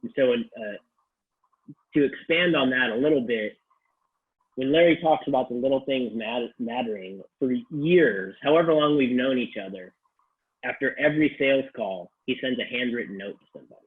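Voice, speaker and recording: A man hosting a casual interview, relaxed and a bit halting. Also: medium pitch, phone-quality sound. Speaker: interview host.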